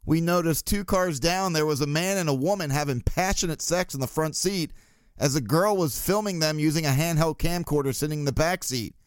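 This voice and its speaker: A man's voice: fairly high pitch, a little fast, clean tone, no room sound, clean studio sound. A man hosting a casual sports podcast, blunt and swearing, with chuckling asides. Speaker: podcast host.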